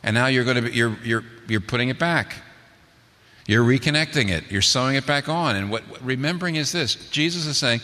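A male pastor preaching a sermon with a bright, forceful voice. He leans on rhetorical questions and climbs to emphatic peaks. His voice rings with the long reverb of a large hall. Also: mid-range voice, fairly quick.

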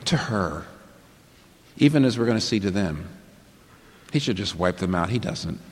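Animated male preacher in a reverberant hall. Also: fairly low pitch, moderate pace, husky. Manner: emphatic, rhetorical questions, answers them himself. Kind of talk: sermon. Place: large church hall with a live congregation. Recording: long reverb in a large hall.

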